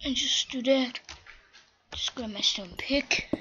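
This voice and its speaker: Slow-paced and slightly rough, this gaming channel host's voice sits high, with the faint noise of a dull lo-fi mic. Chatty as she plays and comments, she's easily flustered and breaks into panicked outbursts.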